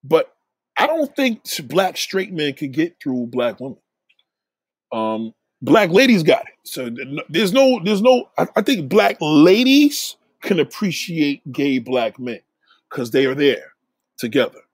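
A man's voice: on the high side, big pitch swings, measured pace, slightly rough, no room sound. A man talking in a blunt, profane casual rant, often repeating himself.

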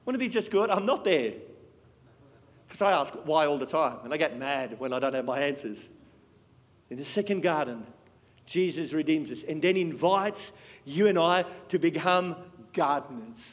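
A man preaching a sermon with passion, swinging between loud and hushed. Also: on the high side, lively intonation, normal speed. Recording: long hall reverb.

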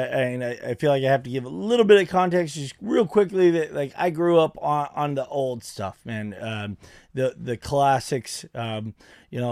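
A man's voice: medium pitch, a little mellow, no echo, clean studio sound. A man co-hosting a podcast, talking hesitantly with many stops and restarts. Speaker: podcast co-host. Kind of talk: casual chat.

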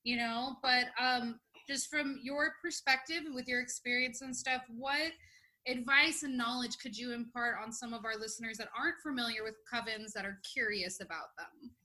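Bright, high woman asking rambling questions. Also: steady tone, moderate pace, poor audio. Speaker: podcast co-host. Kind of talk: interview questions.

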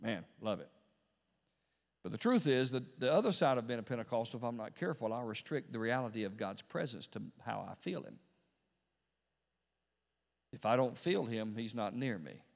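A man preaching a Pentecostal sermon, swinging between hushed, slow passages and loud, rising emphasis, repeating phrases for effect. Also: medium pitch, big pitch swings, gravelly. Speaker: pastor. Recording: long reverb of a large hall.

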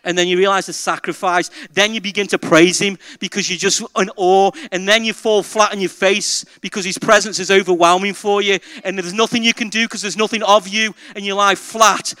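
A man preaching a sermon as pastor, his voice pitched high and bright with a forceful edge. He shifts from quiet, reflective passages to loud, joyful calls to the congregation. The sound is close and dry. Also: fairly even intonation, fairly quick, no room sound.

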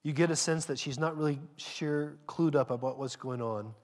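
Emphatic higher-voiced male preacher. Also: moderate pace. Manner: emphatic, addresses the congregation directly; swings from loud emphasis to hushed asides. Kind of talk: sermon.

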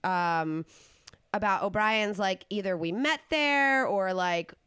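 A woman's voice: medium pitch, slow, fairly bright tone, smooth, no echo, studio quality. A young adult woman hosting a podcast, chatting casually and self-deprecatingly, swearing freely. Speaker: podcast host.

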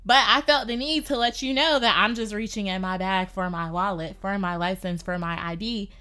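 A woman telling a personal story in casual podcast chat, animated and filling her talk with "like". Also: mid-range voice, normal speed, smooth. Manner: animated, lots of "like". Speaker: podcast guest.

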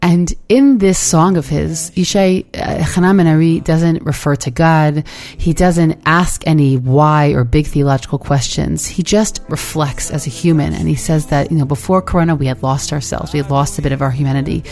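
A woman hosting a podcast, speaking in an earnest, reflective way, often pausing with "uh.". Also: low voice, darkish tone. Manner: earnest, hesitant with frequent "uh"s. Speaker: podcast host. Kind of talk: reflective talk.

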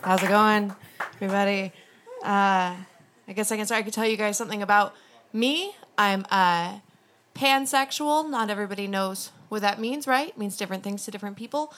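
A woman doing a stand-up set at a comedy club, deadpan and self-deprecating, on a stage mic. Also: medium pitch, a little fast.

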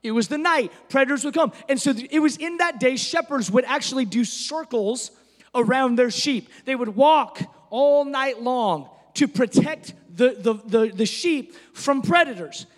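Man, pastor, casual storytelling sermon, emphatic at times, very high voice, church sanctuary, reverberant hall. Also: normal speed. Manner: conversational, storytelling, rising to emphatic declarations.

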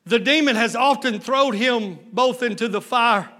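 A male pastor preaching a sermon, moving between quiet storytelling and shouted exhortation, with folksy grammar and questions to the congregation. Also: measured pace. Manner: builds from low retelling to shouted exhortation.

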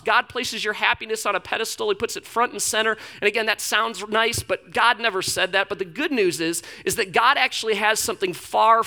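A male pastor preaching in a loose, conversational way, filling his stories with casual asides. His voice sits high for a man and rings very bright and forceful. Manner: conversational, storytelling, frequent fillers. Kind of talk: sermon. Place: church.

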